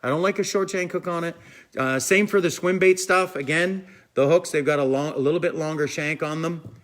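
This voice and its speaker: Man, fishing stream host; chatty, rambling, a touch high-pitched. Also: brisk, fairly bright tone. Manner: rambling, chatty, repeats "I'm telling you". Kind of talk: casual live stream chat, answering viewers.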